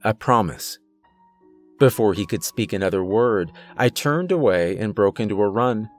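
A man reading a horror story aloud as scripted narration, in a measured storytelling manner. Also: fairly low pitch, lively intonation, soft background music.

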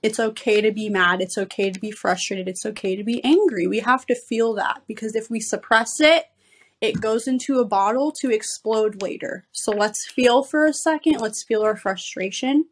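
A woman's voice: on the high side, moderate pace. A woman parenting coach, a podcast guest, patiently explaining ideas step by step. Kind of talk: podcast interview.

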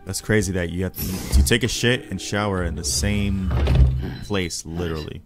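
A man's voice: deep voice, steady tone, moderate pace, over music. A man hosting his gaming channel, chatting loosely and rambling as he plays. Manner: laid-back, rambling, chatty. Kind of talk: casual gameplay commentary.

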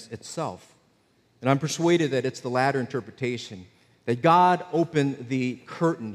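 A man's voice: mid-range voice, long reverb tail. A man preaching a sermon as pastor, explaining scripture in a conversational teaching manner with frequent checks on his listeners. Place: church.

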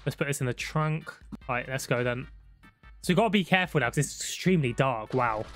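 A young man giving excitable, laddish commentary on a road trip game with friends. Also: medium pitch, brisk, faint music behind. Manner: excitable, shouts when startled, laddish banter. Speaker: gaming YouTuber. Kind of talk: casual gameplay commentary.

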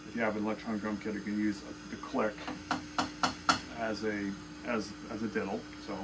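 A man's voice: on the low side, level tone, moderate pace, low-quality recording. A man teaching a casual drum lesson, counting beats and chanting stroke names aloud in a loose, chatty way. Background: loud drumming.

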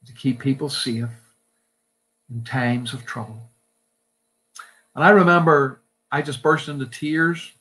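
A man in his fifties with a Northern Irish accent, a pastor telling his life story as a sermon testimony in earnest, with emphatic pauses. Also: medium pitch, a bit bright, poor audio. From Northern Ireland.

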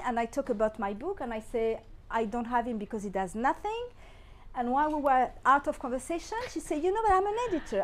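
A middle-aged woman whose first language is French speaks English with a clear French accent. Her voice sits high, and she tells her stories to an audience in a lively way, acting out what people said. She laughs often as she goes. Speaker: guest speaker. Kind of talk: anecdotal talk to an audience.

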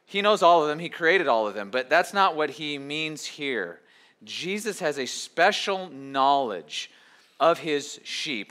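A middle-aged man, a pastor, preaching a sermon in a conversational way, slipping into quick acted asides. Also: a little high, pushed and bright.

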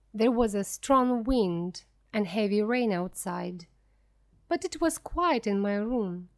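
A woman reading a ghost story aloud for English learners, slowly, clearly and deliberately. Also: mid-range voice. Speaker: audiobook narrator. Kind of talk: scripted narration for English learners.

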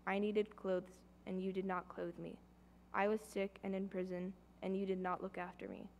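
Woman reading scripture in a flat, gravelly voice. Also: mid-range voice, normal speed, a little hiss or hum. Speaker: scripture reader. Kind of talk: reading scripture aloud in church.

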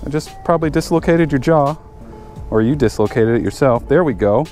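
This fishing vlogger's mid-range voice is animated, brisk, and a little mellow, with soft background music behind it. He chats casually to viewers in vlog narration by a lake, working on his car and fishing, and gets frustrated easily.

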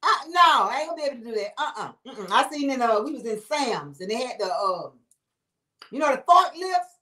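Lively woman chatting to viewers. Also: on the high side, fairly quick. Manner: animated, laughing, exclamatory, talks back to viewers. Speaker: livestream host reading comments. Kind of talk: casual livestream chat.

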